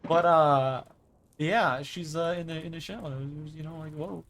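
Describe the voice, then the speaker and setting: A streamer talking loosely over a game at a middling pitch, rambling through thoughts with plenty of fillers and casual swearing. A faint hiss sits under the voice. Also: steady tone, a little slow. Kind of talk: casual chat over live gameplay.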